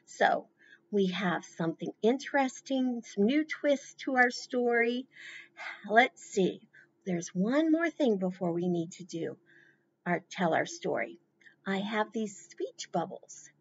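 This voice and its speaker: Animated woman leading a children's storytime. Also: mid-range voice, husky, muffled recording. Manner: encouraging, slow, animated. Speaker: library storytime presenter.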